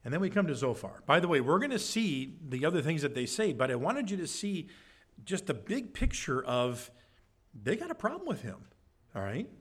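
A man's voice: sing-song, normal speed, fairly bright tone, slightly rough. A man preaching a Bible-study sermon, conversational, with frequent "right?" asides and acted-out quotes. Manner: acts out quoted speech with shifts in pitch. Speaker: pastor.

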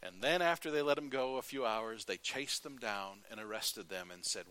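A man preaching a sermon, retelling a Bible story in a lively way and acting out what the characters say. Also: on the low side, moderate pace, clean tone.

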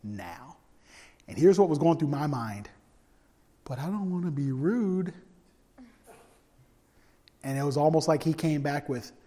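A man preaching a sermon through personal stories, animated and humorous, swinging from loud bursts to hushed asides. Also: mid-range voice. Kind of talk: storytelling sermon. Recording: long hall reverb.

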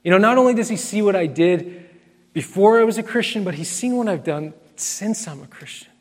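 A man's voice: high voice, lively intonation, brisk, big-room sound. A man preaching a sermon as pastor, earnest and emphatic, repeating key phrases and calling his listeners friends.

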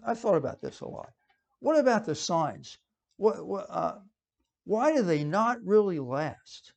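A man's voice: high voice, a little mellow. A man preaching a sermon in a conversational way, with frequent fillers and restarts.

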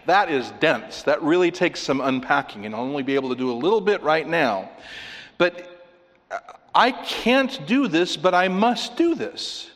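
A man preaches a sermon earnestly, slowing to read scripture and rising into emphatic stresses. His voice is a little high, with a long reverb tail.

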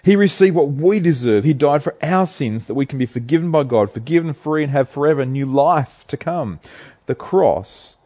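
A man's voice: fairly high pitch, expressive, moderate pace, dark tone. A man preaching an earnest, emphatic sermon, asking his listeners rhetorical questions.

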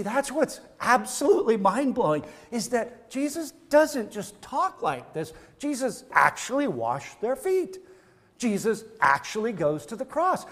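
A male pastor delivering a fervent sermon, building emphasis through repeated phrases. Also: very high-pitched. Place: church sanctuary. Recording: long reverb of a church hall.

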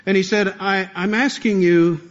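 A man's voice: high voice, steady tone, normal speed. Earnest preaching man, dull recording. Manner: earnest preaching, rising to impassioned pleas. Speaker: pastor. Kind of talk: sermon.

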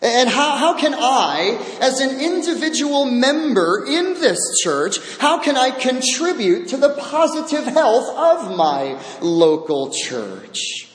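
A man's voice: very high-pitched, big pitch swings, slow, few pauses. A man preaching a sermon as pastor, earnest and emphatic, building to pleading crescendos. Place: church sanctuary. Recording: roomy hall with long reverb.

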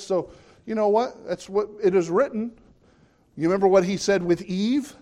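Speaking at normal speed, a pastor gives an animated sermon, jumping to high emphatic bursts and falling low for asides.

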